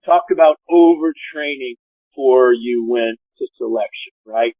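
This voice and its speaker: A man hosting a podcast, telling a story in a casual, profane, animated way and acting out the people he quotes. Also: mid-range voice, unhurried, no room sound. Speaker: podcast host. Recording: phone-line call audio.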